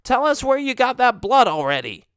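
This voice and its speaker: A man doing shrill, impatient little bats. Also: sing-song, normal speed, fairly bright tone, clear, resonant tone, no echo, clean studio sound, full character voice. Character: squeaky excitable young bats, a group.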